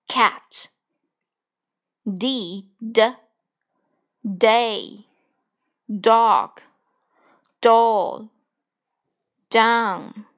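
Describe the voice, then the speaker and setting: A woman teaches English vocabulary from a textbook, one word at a time. Her voice sits a little high. She reads at a very slow, drilling pace. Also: a bit bright. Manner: deliberate, word-by-word drilling with translations. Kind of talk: bilingual textbook vocabulary reading.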